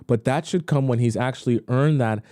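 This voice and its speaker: A man's voice: fairly quick, dry recording, clean studio sound. A man giving dating advice to women in a casual, talkative way as host of his own channel. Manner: casual, animated, jokes with mocking high voices.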